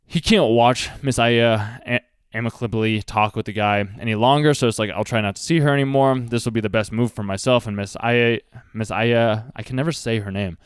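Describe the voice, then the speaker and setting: A man's voice: mid-range voice, steady tone, a little fast, clear, resonant tone, dry recording, clean studio sound. A man casually commenting on an anime and giving earnest life advice, rambling with lots of fillers. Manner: rambling, earnest, heavy use of "like". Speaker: anime reaction host.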